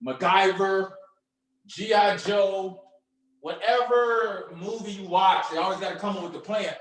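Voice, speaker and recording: A man coaching an audience on social media and trading, energetic and preachy, with slang and call-and-response questions. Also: high-pitched, unhurried, roomy sound, poor audio. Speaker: trading mentor. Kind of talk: motivational coaching talk.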